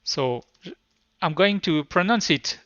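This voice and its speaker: A man with a French accent, a native French speaker, giving a live tech demo at a conference in a halting way with many restarts. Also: on the high side, animated, fairly bright tone, no room sound. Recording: dull lo-fi sound.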